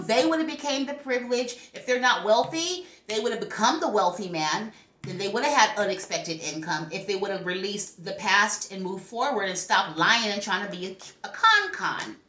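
A woman's voice: a little high, sharp tone, echoey room. A woman giving a casual tarot reading to camera, brash and profane, talking back to her spirits as she goes. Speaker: tarot reader.

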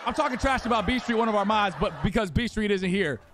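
Young guy streaming a football game, high voice, loud stadium crowd and noise behind him, hyping up chat. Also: fast talker. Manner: hyped, shouting out viewers, teasing. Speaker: live streamer playing a football video game. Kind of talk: casual livestream chat, reading chat aloud. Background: game stadium crowd and commentary.

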